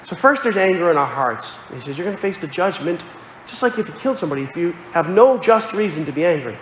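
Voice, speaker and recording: Guy giving an earnest sermon, kinda high voice, big echoey hall with faint room hum. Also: sing-song, fast. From Connecticut. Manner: earnest, explanatory, quotes scripture aloud. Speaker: preacher.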